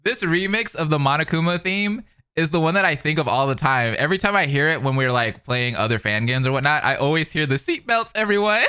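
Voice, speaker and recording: Laughing reaction host, faint music behind. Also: male voice, a little high, expressive, brisk, pushed and bright, clear, resonant tone. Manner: laughs often, blurts out cut-off swears. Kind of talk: casual reaction commentary.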